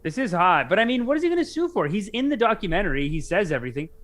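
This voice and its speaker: Young male podcast co-host, casual and animated, lively pitch. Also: very fast, soft background music. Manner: animated, excitable, mimics others in quotes.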